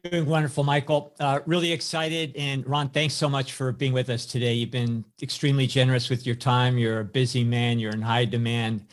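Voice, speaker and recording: A man co-hosts a podcast and talks to a guest over a video call in a casual, friendly way. He asks his questions politely, and his voice sits at an ordinary middle pitch. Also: flat delivery, moderate pace, hardly any pauses. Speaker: podcast co-host. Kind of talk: casual chat.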